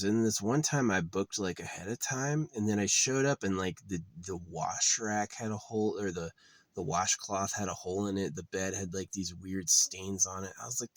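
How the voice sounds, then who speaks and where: Low-voiced man ranting agitatedly. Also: no room sound. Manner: agitated, profane, repeats himself. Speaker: vlogger. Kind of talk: ranting monologue.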